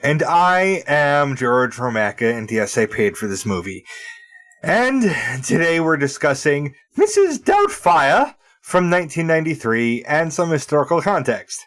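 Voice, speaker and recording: A man's voice: a little high, sing-song, unhurried, fairly bright tone. A man in his thirties co-hosting a podcast, with a wry, dry sense of humor, chatting and reading announcements. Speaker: podcast co-host. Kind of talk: casual chat and read announcements.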